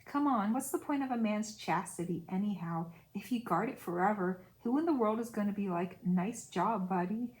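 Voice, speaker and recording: A woman voicing a personified male urge in an audiobook, pushy and whining, shouting and pleading by turns. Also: fairly high pitch, a little slow, few pauses, natural voice, rough recording. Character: pushy lustful male inner urge, whiny.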